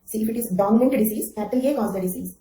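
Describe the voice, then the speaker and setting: A woman's voice: a little high, very fast, warm tone, echoey room, low-quality recording. A woman giving an online exam-coaching lecture, repeating key phrases, checking with "okay?" and calling on students by name. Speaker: anthropology teacher.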